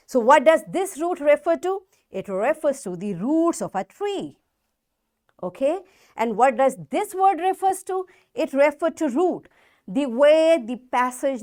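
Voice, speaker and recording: A woman teacher with a fairly high voice leads a school lesson, spelling words letter by letter. Her pitch swings widely as she stresses each example. She talks deliberately, repeating points for young pupils. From Pakistan. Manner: slow, emphatic spelling out of words. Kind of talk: classroom lesson.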